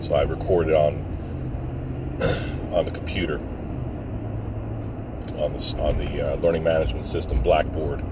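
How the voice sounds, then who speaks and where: A man's voice: low voice, noisy background. A middle-aged man and father talking through a frank, rambling personal monologue, swearing freely. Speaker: vlogger, father.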